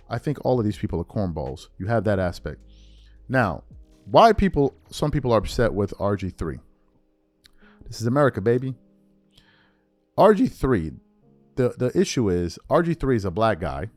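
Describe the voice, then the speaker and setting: A man's voice: fairly low pitch, darkish tone, no room sound. A man hosting a sports commentary channel, delivering an emphatic, repetitive opinion rant straight at his viewers.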